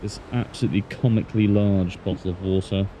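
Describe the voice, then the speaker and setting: Low mellow-voiced man streaming a game. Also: fairly even intonation, quick pace, slight background noise. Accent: put-on Australian. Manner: chatty, self-mocking, playful. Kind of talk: casual gameplay commentary.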